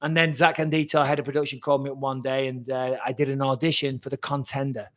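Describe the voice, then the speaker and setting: A man in his forties, a former fighter turned commentator, hosting a casual live Q&A, answering viewer questions bluntly, quickly and with frequent swearing. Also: mid-range voice, flat delivery, a bit bright.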